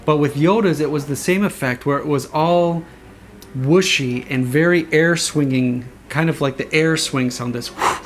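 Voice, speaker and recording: A man casually explaining how he designed sound effects, eager and imitating whooshes and booms with his voice. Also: normal speed, a little hiss or hum. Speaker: saber sound font designer.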